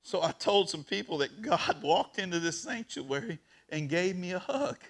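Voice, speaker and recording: A pastor preaches with a high, raised pitch and a gravelly rasp. He moves between quiet confiding and near-shouting. The delivery is heartfelt and emotional throughout. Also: animated, moderate pace. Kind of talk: sermon.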